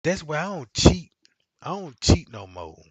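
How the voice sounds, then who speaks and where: A man's voice: very animated, measured pace, slightly rough, dry recording. A man hosting a livestream, telling crude comic stories in a rambling way, swearing constantly and laughing as he goes. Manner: profane, laughs often, keeps asking "you know what I'm saying"; acts out quoted voices in exaggerated pitch. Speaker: comedic livestream host.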